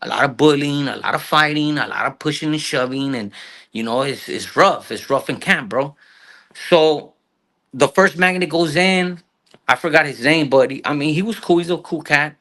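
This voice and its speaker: A man in his thirties with a South Los Angeles accent, his voice bright and forward. He tells his stories in a loose, slangy, profane way. He acts out the people he quotes along the way. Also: a little high, moderate pace. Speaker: guest actor. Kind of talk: casual storytelling interview.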